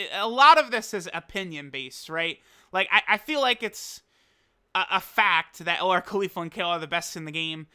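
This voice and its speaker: Bright, crisp-voiced young man thinking aloud. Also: sits high. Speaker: mobile game video creator. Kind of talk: casual commentary.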